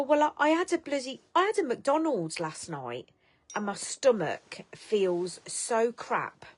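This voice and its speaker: Woman live-streamer, a touch high-pitched, unhurried, blunt and sweary, teasing but affectionate with her viewers. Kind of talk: casual chat greeting viewers.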